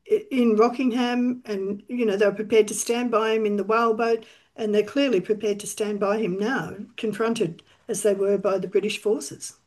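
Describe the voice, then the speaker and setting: A woman's voice: on the high side, darkish tone. A woman telling a historical sea story in conversation, now and then briefly voicing the people she quotes. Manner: recounts events, briefly voicing quoted figures. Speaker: storyteller guest.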